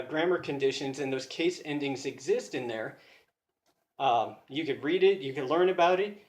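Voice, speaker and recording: An American man talks through his study methods in an earnest, thinking-aloud way, often stopping to correct himself. His voice sits a little high for a man. He is recorded on a phone in a room with a noticeable echo. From United States. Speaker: language learner sharing study tips. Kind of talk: casual explanatory video talk.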